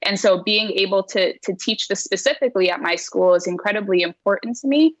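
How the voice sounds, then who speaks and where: A woman's voice: medium pitch, a little fast, no room sound, muffled recording. Woman teacher talking earnestly, lots of "like", laughs mid-sentence, dry sound. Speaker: math teacher. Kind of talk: casual conversation.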